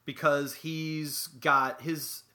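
Male podcast co-host, bright and crisp tone, casual halting delivery. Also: a little high, level tone. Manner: halting, repeats words, searches for names. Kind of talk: casual chat recapping a TV episode.

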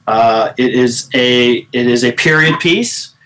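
A man's voice: medium pitch, slow, a bit bright. A man in his thirties co-hosting a podcast, chatting casually with many restarts and fillers. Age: 30s. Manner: rambling, with many restarts and fillers, laughs easily. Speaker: podcast co-host. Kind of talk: casual chat.

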